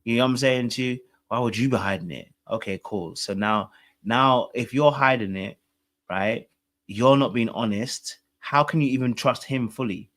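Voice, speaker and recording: A man's voice: mid-range voice, normal speed, a bit bright. Blunt, emphatic man recapping a show. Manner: blunt, emphatic, repeats points for effect. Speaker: podcast co-host. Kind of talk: casual reality-show recap chat.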